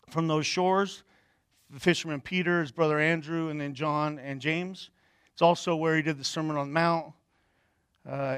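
Pastor, male, sermon. Fairly high, smooth voice, chatty, asks the room questions. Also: no room sound, clean studio sound. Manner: animated when retelling the story; hushed and soft when praying.

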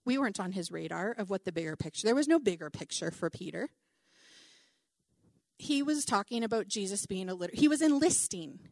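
A middle-aged woman preaching a conversational Bible teaching, animated and chatty, with many asides and "like"s. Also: medium pitch, brisk, vocal fry, no echo, clean studio sound.

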